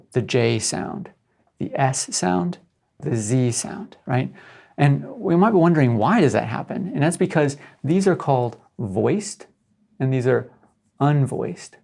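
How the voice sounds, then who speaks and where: A middle-aged man lectures as a professor, with a gravelly, creaky edge to his voice. He explains step by step at a medium pitch and keeps checking in with his listeners. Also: a little mellow.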